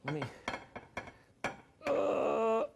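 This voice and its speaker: A man's voice: high voice, sing-song, drawn-out words, creaky, muffled recording, noisy background. A man hosting a cooking show, demonstrating a dish in a studio kitchen in a chatty, enthusiastic way with jokey asides.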